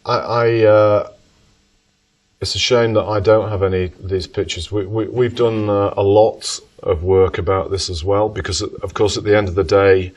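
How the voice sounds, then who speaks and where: A low-pitched man lectures on economics, thinking aloud with emphatic asides and frequent self-corrections. His voice carries from some distance off the microphone in a lecture room. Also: fairly even intonation, normal speed, darkish tone. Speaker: economist speaker answering questions. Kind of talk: lecture with audience Q&A. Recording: voice from far off the mic.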